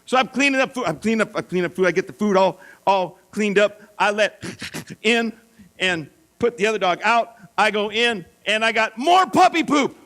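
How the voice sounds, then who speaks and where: A middle-aged male pastor telling a self-mocking story in a sermon, animated and playful. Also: high voice, moderate pace. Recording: mains hum.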